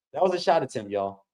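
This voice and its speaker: A man hosting a casual watch-along, calling basketball play-by-play and talking straight to his viewers. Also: medium pitch. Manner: excitable, keeps addressing viewers as y'all.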